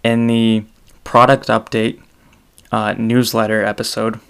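A man talks through his solo podcast at an unhurried pace, his voice carrying a steady gravelly fry. He rambles casually and stops to correct himself, keeping a fairly flat, level tone throughout. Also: fairly low pitch. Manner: meandering, self-correcting delivery.

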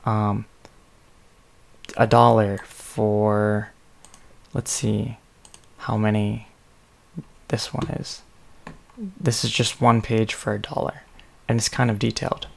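Male podcast host, drowsy, flat and unhurried, thinks aloud with fillers. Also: fairly low pitch, gravelly. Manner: rambling, thinking aloud with many ums. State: sleepy, yawning. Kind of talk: casual solo podcast talk.

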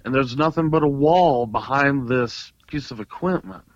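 Excitable man telling a story, dry sound. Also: mid-range voice, normal speed, no room sound, dull audio. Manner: animated, excitable retelling with many fillers. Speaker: podcast guest, paranormal investigator and tattoo artist. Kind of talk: casual storytelling.

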